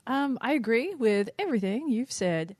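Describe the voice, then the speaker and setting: A woman co-hosting a podcast, talking in a relaxed, reflective way. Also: a little high, moderate pace, dry recording. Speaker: podcast co-host, travel creator. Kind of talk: casual podcast chat.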